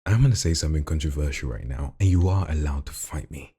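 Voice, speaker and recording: A man with a very deep, gravelly voice full of vocal fry, chatting casually and jokingly in a vlog while showing off voices at home late at night. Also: quick pace, no room sound, studio quality. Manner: relaxed, chatty, jokey asides. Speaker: hobby voice actor.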